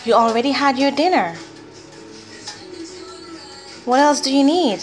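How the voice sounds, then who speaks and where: A woman's voice: high-pitched, lively intonation, a little slow. A woman talking to her young children at home at bedtime, patiently repeating her questions and requests. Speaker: mother. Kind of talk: casual family talk with children. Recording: music playing in the background. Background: music.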